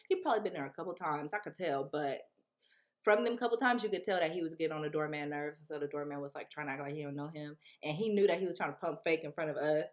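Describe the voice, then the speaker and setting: A young woman vlogger telling a casual storytime tale, animated and laughing often as she acts out the people in it. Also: low-pitched, fast.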